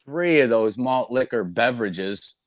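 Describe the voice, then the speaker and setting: A man's voice: mid-range voice, lively intonation, measured pace, dry recording. A man with a mid-range voice joins a podcast chat, adding wry, laughing asides. His voice is recorded dry and close, with no room sound. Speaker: podcast guest. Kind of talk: casual chat.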